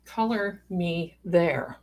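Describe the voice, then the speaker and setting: A woman's voice: lowish voice, drawn-out words. A woman hosting a live stream in casual chat, a chatty, rambling storyteller with playful asides who calls her viewers pet names.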